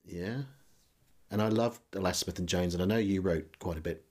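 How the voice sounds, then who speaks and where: A man's voice: deep voice, normal speed, darkish tone, slightly rough. A man hosting an interview, asking questions and giving brief encouraging replies. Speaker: podcast host.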